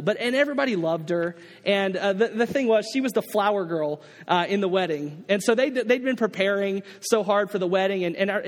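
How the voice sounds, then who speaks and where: A man's voice: high voice, long reverb tail. A man preaching a sermon to his congregation, telling a story with many restarts and acting out the people in it. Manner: storytelling, animated quoted voices, many restarts. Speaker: pastor.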